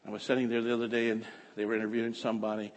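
A man preaching a fervent sermon that swings from quiet talk to shouting. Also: fairly low pitch, monotone, rapid-fire. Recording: echoey hall.

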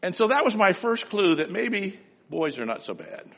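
A man preaching a sermon, telling folksy stories and building to fervent, loud exhortation. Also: high-pitched, big pitch swings, moderate pace, long reverb tail, slight background noise.

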